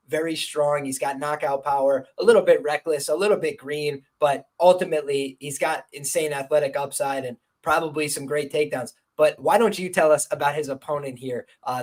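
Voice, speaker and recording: A man hosting a casual sports betting chat, leading the talk and handing off to co-hosts. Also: fairly high pitch. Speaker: podcast host.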